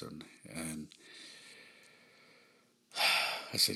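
A man in his thirties hosting a podcast, telling a personal story in a subdued, halting way with frequent sighs. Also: rumbling low, big pitch swings, vocal fry, pushed and bright, slightly rough. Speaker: podcast host.

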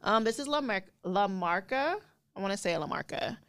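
A young woman chatting as a podcast co-host, blunt and swearing freely with easy laughs. Her voice is smooth and clear. The sound is dry and close, with no room around it. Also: mid-range voice, lively intonation, moderate pace, fairly bright tone, dry recording. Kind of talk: casual chat.

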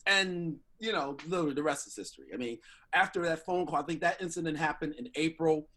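Middle-aged male guest, high voice, animated storyteller. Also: quick pace. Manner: animated, acts out quoted voices. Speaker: interview guest. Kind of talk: casual storytelling.

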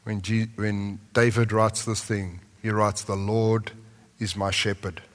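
A man's voice: on the low side, flat delivery, unhurried. Preaching man in a big echoing hall. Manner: impassioned preaching, drops to soft prayerful tones. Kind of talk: sermon. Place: large church hall with congregation. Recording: long reverb of a large hall.

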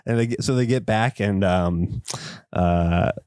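Low voice guy stumbling through a movie recap, dry mic, casual chat. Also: a little mellow, clean tone, no room sound. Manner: halting, restarts a lot while recapping. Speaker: podcast co-host.

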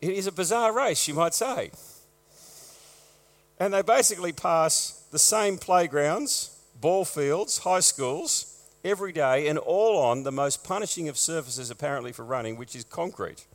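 A man's voice: on the high side, animated, a little slow, big-room sound. A man preaching as a pastor, conversational with wry asides, with a lingering post-viral cough. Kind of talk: church notices and sermon. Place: church.

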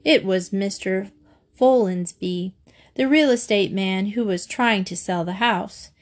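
Slow-reading woman storyteller. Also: medium pitch. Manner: slow, gentle, expressive reading. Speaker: audiobook reader. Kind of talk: storybook narration read aloud.

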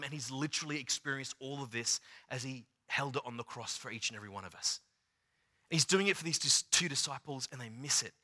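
Male preacher, bright ringing tone, theatrical sermon delivery that drops to near-whispers. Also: fairly high pitch. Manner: dramatic, swings from loud to hushed, retells scenes in acted voices.

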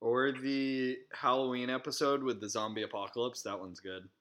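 A man's voice: mid-range voice, little pitch movement, normal speed, fairly bright tone. A man in casual chat, giving short agreeing replies and laughing along.

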